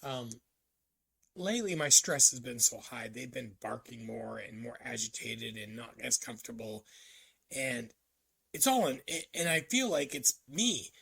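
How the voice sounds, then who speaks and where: Gravelly, raspy man musing aloud. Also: medium pitch, animated, pushed and bright. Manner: halting, reflective, many ums and restarts. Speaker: vlogger. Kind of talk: casual personal vlog monologue.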